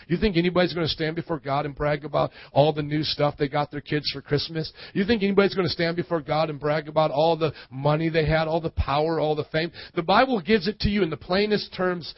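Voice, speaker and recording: High-voiced male pastor preaching. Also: fairly even intonation, quick pace, hardly any pauses, no echo, muffled recording. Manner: conversational, building to loud preaching. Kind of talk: sermon.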